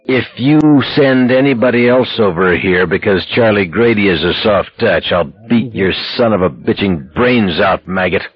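A man voicing a gruff, threatening cop. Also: on the low side, a little slow, few pauses, highs cut off. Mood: menacing. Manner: menacing, gruff.

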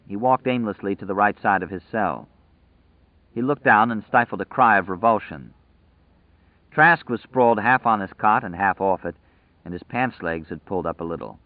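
A man narrating an audiobook in a measured, dramatic storytelling manner. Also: on the low side, dry recording. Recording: dry tinny phone-like sound.

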